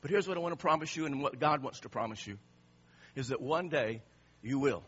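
Forceful, husky male preacher. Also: mid-range voice, lively intonation, brisk, muffled recording. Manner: emphatic, repeats questions to the congregation. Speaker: pastor. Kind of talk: sermon.

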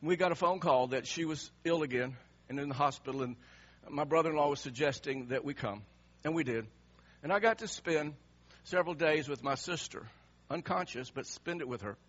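A man preaching a sermon as a pastor, emotional and swinging from soft to loud. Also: on the high side, a little fast, few pauses. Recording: slightly muffled sermon recording.

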